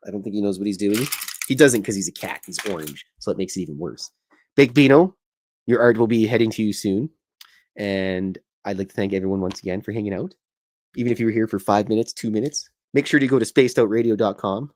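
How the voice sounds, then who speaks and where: A man's voice: fairly low pitch, brisk, darkish tone. A man hosting a casual livestream, chatting and rambling while he draws. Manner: rambling, chatty, self-deprecating. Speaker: show host.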